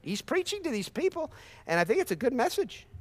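A man's voice: very high-pitched, sing-song, a little fast. A man preaching a sermon with impassioned, repetitive phrasing and sudden bursts of praise.

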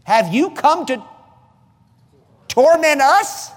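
A man's voice: very high-pitched, expressive, slow, in a large hall, pitched above the performer's own voice, heavily acted. A man voicing a cowering male devil who begs to be left alone, in a whiny, pleading way.

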